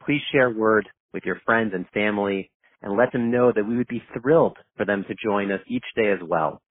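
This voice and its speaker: Low-voiced man hosting over a phone line. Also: slightly rough, no echo. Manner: formal, measured. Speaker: host of a daily prayer call. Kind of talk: formal announcement and introduction. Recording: tinny dry phone line.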